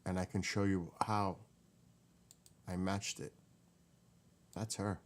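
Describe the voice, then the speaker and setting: Deep-voiced man, emotional vlog. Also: slow pace. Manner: emotional, excited, muttering while reading. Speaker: vlogger. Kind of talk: casual vlog, researching family tree.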